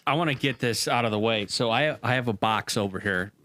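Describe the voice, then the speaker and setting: A man's voice: medium pitch, brisk, pushed and bright, no echo, studio quality. Easygoing man co-hosting a podcast. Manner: easygoing, reading aloud and joking. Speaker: podcast producer and co-host. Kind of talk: casual podcast chat.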